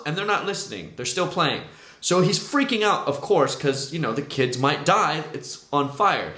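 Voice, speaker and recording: Animated man telling his story. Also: fairly high pitch, a little fast, roomy sound. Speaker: vlogger sharing his testimony. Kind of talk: personal testimony vlog.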